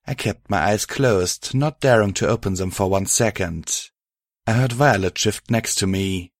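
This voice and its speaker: A man narrating a story aloud in a steady, even storytelling manner. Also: fairly low pitch, unhurried, no room sound, studio quality. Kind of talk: audiobook reading of fan fiction.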